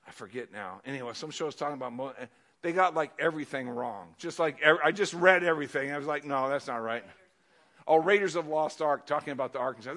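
Male preacher, high-pitched voice, casual sermon delivery, swings from loud emphasis to soft asides.

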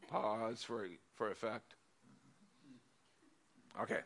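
A man preaching a casual sermon, moving between loud emphasis and quiet asides, often repeating words as he goes. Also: lowish voice, steady tone, slow, long pauses.

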